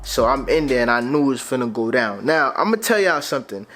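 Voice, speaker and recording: A man's voice: mid-range voice, expressive, brisk, a bit bright, soft background music. A young man from Grenada with a Grenadian Caribbean accent mixed with American slang, telling a casual storytime in a loose, conversational way. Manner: loose and conversational, laid-back slang, frequent "you feel me". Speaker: vlogger.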